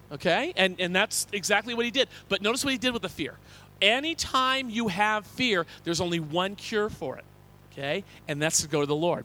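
A man's voice: high-pitched, pushed and bright. A man preaching a sermon as a pastor, earnest and conversational, often repeating words and asking "okay?".

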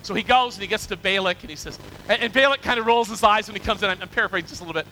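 A man preaching a storytelling sermon, animated and conversational, with repeated words and asides to his listeners. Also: sits high, very fast, slight background noise, poor audio.

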